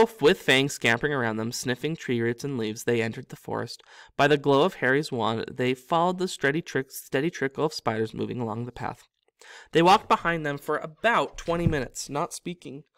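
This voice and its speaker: A man's voice: medium pitch, vocal fry, fairly bright tone, no room sound, clean studio sound. A man reading a novel aloud as a storyteller, with small slips that he corrects himself. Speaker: reader.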